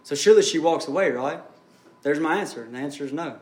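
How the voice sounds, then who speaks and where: A man's voice: a little high, quick pace, reverberant. A man preaching a sermon as pastor, building up and easing off in intensity. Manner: preaching with rising and falling intensity.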